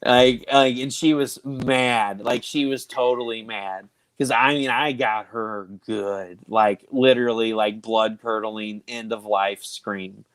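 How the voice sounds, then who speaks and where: A man hosting an easygoing interview chat, swapping prank stories in a loose, joking way. His voice is of middling pitch for a man, and he keeps things casual with the odd swear. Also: steady tone, takes it slowly, hardly any pauses, a bit bright, clean tone, no echo. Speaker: host.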